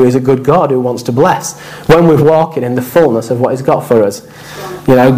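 A man's voice: medium pitch, a little mellow, rough recording. Earnest man preaching a sermon. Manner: earnest, repetitive exhortation with casual asides. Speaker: pastor.

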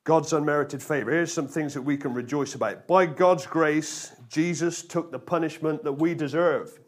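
Pastor preaching with energy. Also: male voice, on the high side, normal speed. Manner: energetic, call-and-response with congregation, emphatic repetition. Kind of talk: sermon.

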